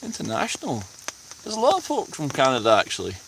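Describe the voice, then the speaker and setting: Animated man live-streaming from the woods. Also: on the high side, fast, creaky. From Scotland. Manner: chatty, tipsy and laughing easily. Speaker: vlogger. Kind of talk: casual live-stream chat. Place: under a tarp in a rainy forest at night. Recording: faint rain noise outdoors. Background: rain on the tarp.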